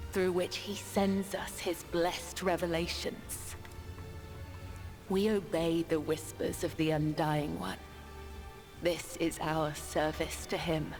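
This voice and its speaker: A woman voicing the solemn leader of a devout assassin cult in a video game, speaking in slow, grave ritual pronouncements. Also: low voice, low-quality recording. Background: game music.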